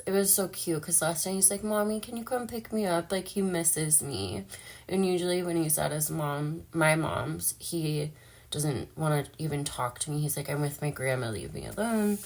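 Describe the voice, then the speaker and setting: Low-voiced woman chatting in a vlog. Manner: chatty and emotional, lots of fillers. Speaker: vlogger. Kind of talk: casual personal vlog.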